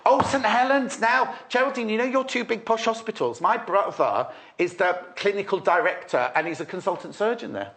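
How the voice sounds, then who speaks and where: A man's voice: sits high, normal speed, hardly any pauses, a bit bright. A man presenting a live shopping show, gushing over products and bantering with his guest. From Merseyside, England. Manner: gushing, repeats himself, teasing banter. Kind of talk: chatty live sales presenting.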